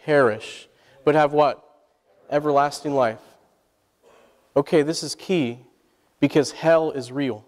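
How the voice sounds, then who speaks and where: A man's voice: fairly high pitch, slow pace, pauses often, a little mellow. A male pastor, preaching a sermon and asking the congregation to answer back. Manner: call-and-response preaching, asks the congregation questions. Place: church sanctuary. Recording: long church hall reverb.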